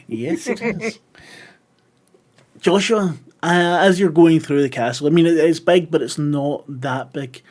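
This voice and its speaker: A man's voice: a little high, unhurried, a little mellow. A man narrating as game master of a tabletop horror game, casual, laughing and swearing.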